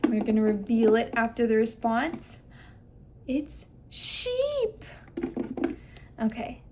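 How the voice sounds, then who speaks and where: A woman's voice: on the high side, little pitch movement, normal speed, dark tone, a little hiss or hum. A young woman speech therapist walking parents through a listening game step by step, stressing key words. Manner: explains step by step, models exaggerated emphasis on key words. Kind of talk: instructional demonstration.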